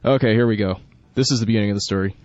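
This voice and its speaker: A man's voice: fairly low pitch, racing, darkish tone, dry recording. A young man hosting college radio, rambling, joking and correcting himself while he reads a story. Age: young adult. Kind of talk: casual radio chat and reading a story. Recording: dull dry lo-fi studio with faint music.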